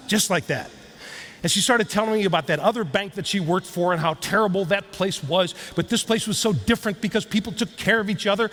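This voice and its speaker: A man's voice: high voice, fairly bright tone. A man giving a keynote speech to a live audience, telling stories and leading the crowd through playful exercises. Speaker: keynote speaker. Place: stage before a live audience.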